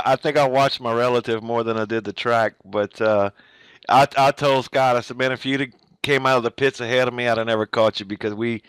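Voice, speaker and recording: A man with an American accent, a race winner talking casually and relaxed in a post-race interview. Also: medium pitch, smooth, no echo, clean studio sound.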